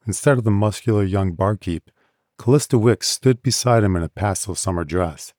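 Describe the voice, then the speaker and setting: Measured male audiobook narrator, deep, mellow, dry close mic. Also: no echo.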